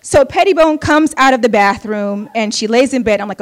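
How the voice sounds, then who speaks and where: A woman's voice: on the high side, expressive, brisk, hardly any pauses. A woman from Oakland telling a personal story with a wry, candid manner, laughing at herself often. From Oakland, United States.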